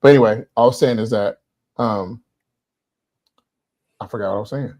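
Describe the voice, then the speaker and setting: A man guest in a casual livestream chat, easygoing and quick with laughing asides, over a video call. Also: lowish voice, darkish tone, no echo.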